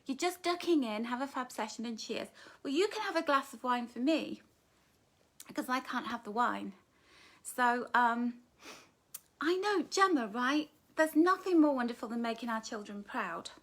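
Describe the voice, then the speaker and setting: A woman's voice: fairly high pitch, animated, moderate pace. A middle-aged woman with a Northern English accent, chatting casually to viewers on a home livestream, calling them darling and love, with giggly self-deprecating humour. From England. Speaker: author hosting a live book launch. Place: home living room. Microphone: phone or webcam facing her.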